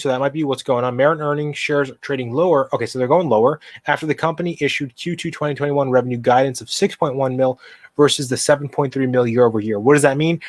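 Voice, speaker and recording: A man's voice: medium pitch, dry recording. A man hosting a live stock market stream, talking viewers through charts in an impassioned, emphatic way and answering chat. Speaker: livestream stock market host.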